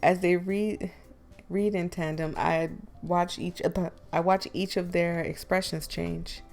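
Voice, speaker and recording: A self-doubting teenage boy narrates a story game in a dry, weary voice, read by a woman. The delivery is slow and gravelly. Faint music sits behind. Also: fairly low pitch, fairly even intonation, a little mellow.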